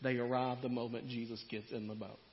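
A man preaching a sermon in a conversational way, his voice swinging between loud and quiet. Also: medium pitch, flat delivery, a little fast. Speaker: pastor. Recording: muffled sound in a reverberant hall.

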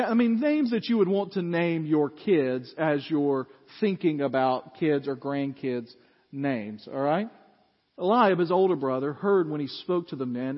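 High-voiced preacher in a hall. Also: male voice. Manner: animated storyteller, acts out voices and laughs. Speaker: pastor. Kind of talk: sermon. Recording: dull lo-fi audio with long hall reverb.

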